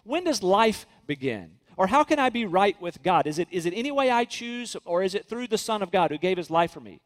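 High-voiced pastor preaching in a reverberant hall. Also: male voice, very animated. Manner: earnest, emphatic preaching with slowed repeated phrases. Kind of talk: sermon.

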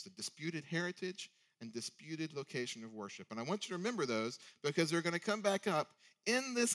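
Man preaching a sermon, talky and easygoing, keeps asking the crowd questions, mid pitch. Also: a bit bright. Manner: conversational, with many rhetorical questions.

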